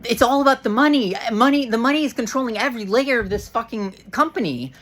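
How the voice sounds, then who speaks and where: A woman's voice: a little high, expressive, fast talker, fairly bright tone. A woman ranting to camera in a casual vlog, heated and frustrated, swearing often and restarting her sentences. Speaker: vlogger.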